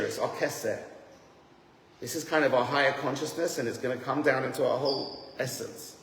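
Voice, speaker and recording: A man, a rabbi teaching a seminar, who tells animated anecdotes and often stumbles over repeated words. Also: medium pitch, fairly quick. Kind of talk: lively storytelling talk to a live audience. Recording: echoey hall with faint ambience.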